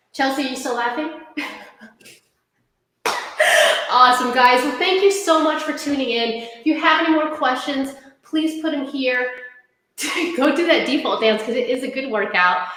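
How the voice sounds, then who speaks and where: High, bright woman host, breathless and echoey. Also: measured pace, pauses often. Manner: bubbly, laughing, breathless from dancing. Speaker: host of a live stream. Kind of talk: casual live stream chat. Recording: very echoey room with some noise.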